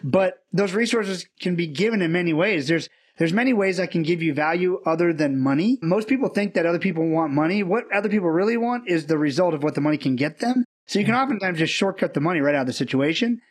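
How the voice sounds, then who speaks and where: Male guest, quick and lively, slightly higher voice, animated storyteller. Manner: fast, animated storyteller who acts out quotes. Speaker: podcast guest. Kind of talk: casual storytelling interview.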